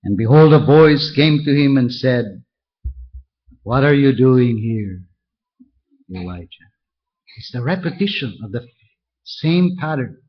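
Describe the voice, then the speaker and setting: Slow deliberate preacher, muffled recording. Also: male voice, medium pitch, lively intonation. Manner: slow, deliberate, walks through verses point by point. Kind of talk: expository sermon reading scripture. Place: church.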